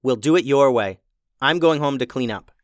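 A woman's voice: very deep voice, moderate pace, no room sound, clean studio sound. A man voicing a determined young woman chef who talks earnestly but gets fed up and bossy. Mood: plotting.

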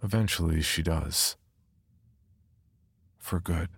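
A man narrating a first-person horror story in a subdued, brooding way, with a husky, gravelly voice. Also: deep voice, takes it slowly, dry recording.

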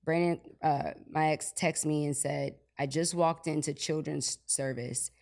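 Woman, low-pitched, podcast co-host, earnest storytelling, repeats herself. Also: fairly even intonation, measured pace, vocal fry, a little mellow. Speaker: mother. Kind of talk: casual faith conversation and ad read.

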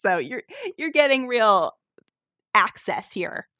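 A woman's voice: mid-range voice, big pitch swings, takes it slowly, pushed and bright, dry recording, clean studio sound. Bubbly frank woman podcast co-host. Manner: bubbly, frank, laughs easily. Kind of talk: casual chat.

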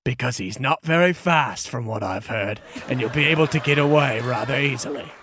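A man's voice: medium pitch, a little fast, slight background noise, lightly acted. A man voicing a chatty male tavern regular who loves spreading rumors, telling them with dramatic flair. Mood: gossipy. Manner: eager, gossipy, dramatic hushed storytelling.

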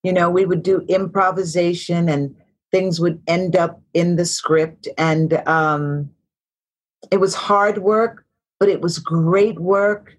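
A woman's voice: lowish voice, steady tone, slow pace. A woman in her sixties, a guest actress in an interview, telling stories in a reflective way and repeating phrases for emphasis. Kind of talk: casual interview talk.

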